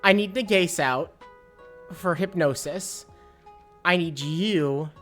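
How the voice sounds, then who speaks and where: A woman streaming a game live, chatting to her viewers and breaking into excited squeals and laughter. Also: fairly low pitch, slow pace, faint music behind. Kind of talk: live gameplay stream chat.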